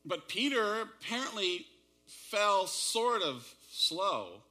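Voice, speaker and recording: A man's voice: sits high, very animated, slow pace, sharp tone. A man preaching a sermon, retelling a story dramatically with shifting pace and emphasis. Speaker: pastor.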